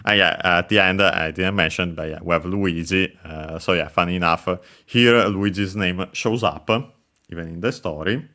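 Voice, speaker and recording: A man's voice: sits low, moderate pace, bright, forceful tone. A man teaching Japanese while playing a video game, hesitant and full of filler words and self-corrections. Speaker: Japanese language teacher streaming gameplay.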